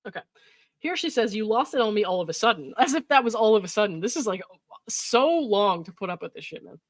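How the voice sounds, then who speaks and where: A woman's voice: medium pitch, animated, fast, no echo. A woman host reading text messages aloud with casual commentary, laughing often and reacting with exasperated asides. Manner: laughs often, reads quoted texts with mock emphasis, frequent likes and ums.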